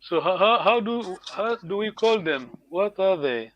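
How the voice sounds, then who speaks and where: A man's voice: sits high, expressive, a little slow, a bit bright, dull audio, slight background noise. A male language teacher giving an online lesson over a video call, patient and encouraging, often repeating words.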